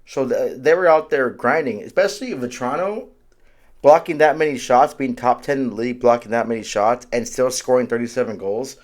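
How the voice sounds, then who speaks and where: Man excitedly chatting about sports stats. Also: mid-range voice, fairly quick. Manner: enthusiastic about stats, repeats himself. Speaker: podcast co-host. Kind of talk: casual sports talk.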